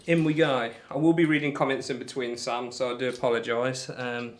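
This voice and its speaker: A man's voice: medium pitch, little pitch movement, a little fast. A man chatting casually on a live stream, reading out viewer comments and bantering between darts throws in a rambling, friendly way. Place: home room while throwing darts.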